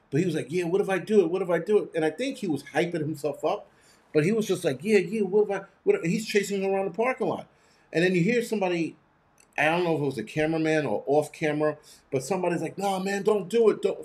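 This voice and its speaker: A man's voice: on the high side, a little mellow. A man hosting a casual live commentary, blunt and profane, rambling with many restarts. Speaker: host.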